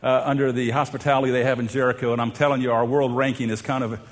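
Pastor in an echoing church. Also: male voice, medium pitch, level tone, fast. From Savannah, Georgia. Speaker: pastor introducing a guest. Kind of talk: church introduction. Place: church sanctuary. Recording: long church hall reverb.

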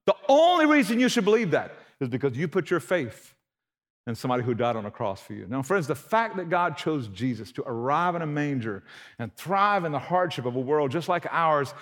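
Folksy preacher, emphatic. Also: male voice, on the high side, a bit bright. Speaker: pastor. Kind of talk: sermon.

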